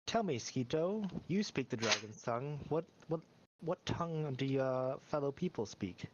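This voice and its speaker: A man's voice: medium pitch, expressive, moderate pace, close to an everyday voice. A man voicing a courteous male adventurer in his everyday voice, with polite, formal phrasing. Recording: slightly dull mic with faint noise.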